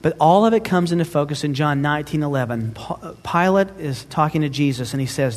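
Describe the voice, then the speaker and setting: A man's voice: fairly high pitch, animated, brisk, big-room sound. A man preaching a sermon as pastor, emphatic and building his points into rising lists.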